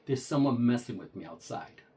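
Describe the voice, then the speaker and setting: A man's voice: mid-range voice, lively intonation, brisk, warm tone. A man casually retelling a true ghost story, talking conversationally with frequent restarts and acted-out dialogue.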